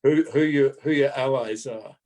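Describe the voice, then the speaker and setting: A man's voice: mid-range voice, normal speed, warm tone. A man in his seventies from Australia, an actor telling stories about his career in a casual interview and repeating words as he gathers his thoughts. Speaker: actor and guest.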